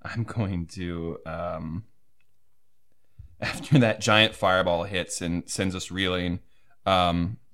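Low-voiced man playing a tabletop game. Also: fairly even intonation, slow pace, long pauses, fairly bright tone. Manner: laughing often, hesitant fillers while planning. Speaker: tabletop player. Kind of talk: casual tabletop game play.

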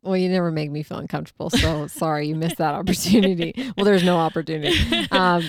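Bubbly gravelly-voiced woman host. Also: on the low side, steady tone, a crowd in the background. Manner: bubbly, quick to laugh, gushing. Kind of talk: casual chat.

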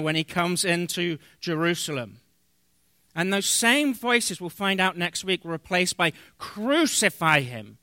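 A man with a high, bright voice preaches a sermon, reading scripture aloud and explaining it in an earnest, unhurried way with pauses and small fillers. The sound is close and dry. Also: smooth, dry recording. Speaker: pastor.

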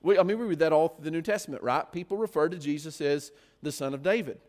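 A man's voice: on the high side, fast talker, darkish tone. A man preaching a sermon, often putting rhetorical questions to his listeners.

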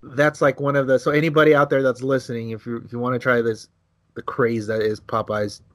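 A man co-hosting a podcast, telling a casual story, acting out quotes with big jumps in his voice and swearing freely. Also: brisk. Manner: animated, acts out quotes with big pitch jumps. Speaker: podcast co-host.

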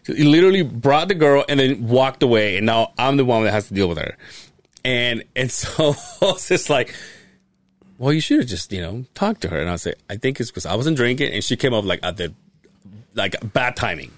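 A man's voice: mid-range voice, moderate pace, dry recording. A man, a podcast co-host telling a casual, profane story and laughing as he goes. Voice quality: animated, swears freely, laughs while telling.

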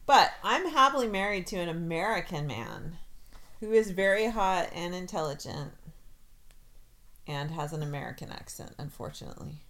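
Middle-aged woman co-host, casual rambling chat, lowish voice, laughs easily. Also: lively intonation, normal speed, fairly bright tone. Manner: chatty, laughs often, rambling asides. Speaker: podcast co-host.

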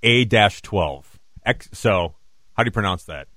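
A man co-hosting a radio show, bantering in a teasing, quick way. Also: on the low side, no room sound, clean studio sound. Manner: animated, teasing, quick asides. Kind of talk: casual studio banter.

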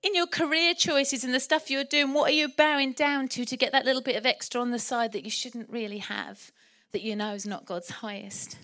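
A woman delivering a sermon in church, lively, humorous and animated. Her voice sits high and has a bright edge, and it keeps the congregation engaged. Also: fairly quick, hardly any pauses. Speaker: preacher.

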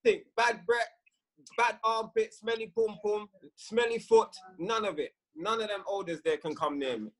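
A man's voice: sits high, moderate pace. A man co-hosting a podcast, chatting and laughing a lot. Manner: laughs a lot, quotes people in voices. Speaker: podcast co-host. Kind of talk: casual banter.

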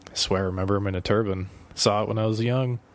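A man in his thirties co-hosting a casual podcast while sick, clearing his throat now and then, chatty and jokey. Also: lowish voice, fairly even intonation, fast talker. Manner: chatty, laughs often, jokey. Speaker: podcast co-host. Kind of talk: casual chat.

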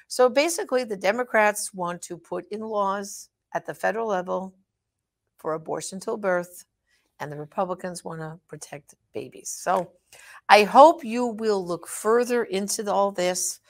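A middle-aged woman speaks straight to her audience in an urgent, exhortative advocacy talk. Her voice carries a gravelly, fry-laden edge. She presses her points hard and leans on fillers and restarts. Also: medium pitch, normal speed. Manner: emphatic and exhortative, frequent fillers. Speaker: pro-life advocate. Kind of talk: direct address advocacy talk.

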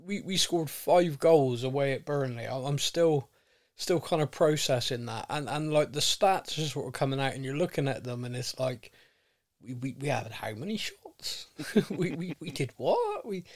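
A man's voice: a little high, lively intonation, normal speed. A man co-hosting a football podcast, bantering and teasing in casual chat. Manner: jokey, teasing, sarcastic banter. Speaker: podcast co-host.

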